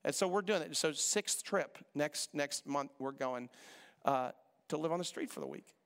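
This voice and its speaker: A man preaching a sermon as pastor, animated and repetitive, acting out voices when he quotes people. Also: on the high side, moderate pace, clear, resonant tone. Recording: long hall reverb.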